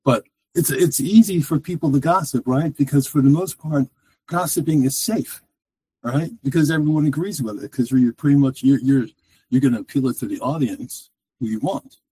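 Dark husky man rambling on a call. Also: medium pitch, moderate pace, no room sound. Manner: rambling, restarts a lot. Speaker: caller. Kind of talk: casual call-in chat.

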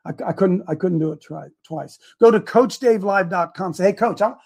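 A man leads a live show as preacher and host, walking through scripture with loose, slangy energy. His voice sits high and sounds a little husky. He acts the verses out in street talk rather than reading them. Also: normal speed, darkish tone.

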